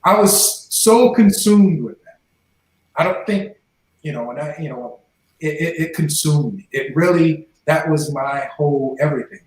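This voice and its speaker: A man in his forties, formerly a pro football player, speaks a little slowly with a slightly high voice as he tells his life story on a podcast, acting out the dialogue he quotes. The room echoes.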